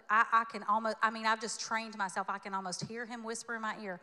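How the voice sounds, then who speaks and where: A woman from the American South delivers a sermon in a church. Her voice is bright and a touch high, and her delivery stays conversational and animated, with playful asides. The sanctuary adds a long, ringing reverb. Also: fairly quick, hardly any pauses. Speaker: preacher.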